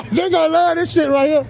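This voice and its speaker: Man, very high-pitched, brash, taunting, swearing, laughing, outdoors on a sidewalk, handheld camera. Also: gravelly, a little hiss or hum, low-quality recording. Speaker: citizen filming police. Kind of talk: casual street talk.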